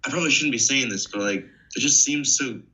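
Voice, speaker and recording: Bright-voiced hesitant teenage man. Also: medium pitch, fast. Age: late teens. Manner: hesitant, many "uh" and "like". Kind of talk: casual podcast chat. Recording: dull lo-fi sound.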